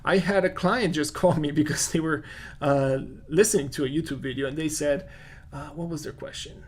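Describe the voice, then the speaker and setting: A man's voice: on the high side, steady tone, moderate pace. A man with a non-native English accent, a real estate agent hosting a casual live-stream Q&A, chatty and full of fillers as he answers viewer comments.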